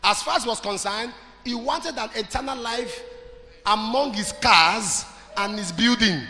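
A man with a Nigerian accent preaching a sermon, moving between loud, shouted lines and quiet storytelling and often asking his listeners questions. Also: high-pitched, expressive, moderate pace. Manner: swings from shouting to soft storytelling, asks the crowd questions. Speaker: pastor. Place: church hall. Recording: large hall with reverb and music behind.

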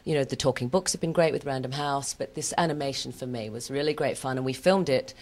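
A woman's voice: extremely low pitch, quick pace, a little mellow. A woman in her thirties, an actress chatting in an interview and telling stories with self-deprecating asides. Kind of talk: casual interview chat.

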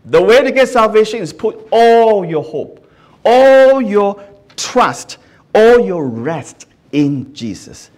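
Male pastor, high voice, earnest sermon with frequent restarts. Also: big pitch swings, slow, darkish tone. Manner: earnest, asks the listeners many questions; often restarts words mid-sentence.

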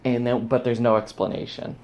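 A young man talks into his handheld phone at home in a casual vlog, wandering between subjects and speaking to himself. His darkish, mid-range voice moves little in pitch, and his pace is brisk.

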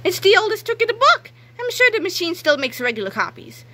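A woman voicing a young schoolboy who shouts in high, frantic bursts. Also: big pitch swings, brisk, heavily acted. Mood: panicked. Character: panicky excitable young schoolboy.

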